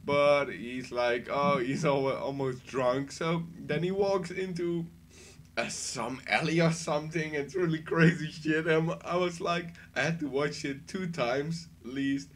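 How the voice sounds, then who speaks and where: Man, casual spoken review, rambling, excitable, slightly high voice, laughs a lot. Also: measured pace, slight background noise. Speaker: anime reviewer.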